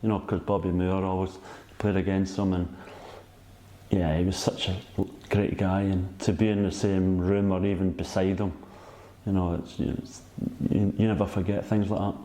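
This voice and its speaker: A man's voice: low voice, flat delivery, moderate pace, warm tone, reverberant. Rambling Scottish man in his sixties. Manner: rambling, keeps saying "you know what I mean". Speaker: guest, former footballer. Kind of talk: casual anecdote telling.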